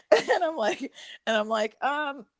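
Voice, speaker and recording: Young woman guest, low voice, dry close sound; loose, profane, animated storytelling. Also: dry recording. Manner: profane, filler-heavy, animated retelling. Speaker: podcast guest. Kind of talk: casual storytelling chat.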